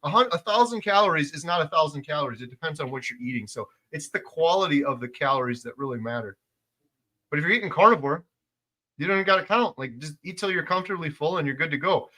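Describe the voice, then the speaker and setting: A middle-aged man hosts a casual livestream in a fairly high, expressive voice at a quick pace. He reads out viewer comments and drives his points home emphatically, getting loud when he wants to stress something.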